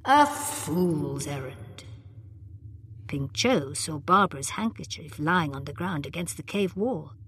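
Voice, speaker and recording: A woman narrating an audiobook in a measured, even manner. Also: deep voice, husky. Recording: long reverb.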